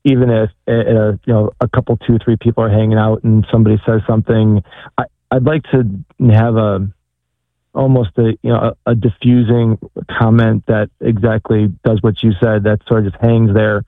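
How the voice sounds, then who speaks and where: A man's voice: fairly low pitch, flat delivery, normal speed, no room sound. A man calling in for advice, speaking hesitantly with many fillers and restarts. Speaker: caller. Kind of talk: phone call-in. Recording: tinny dry phone line.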